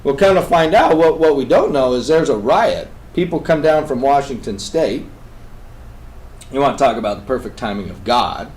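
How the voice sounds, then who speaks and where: A man on a talk show, telling a story with energy. He swings between loud, emphatic bursts and hushed, intense passages. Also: medium pitch, lively intonation, normal speed, low-quality recording. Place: radio studio.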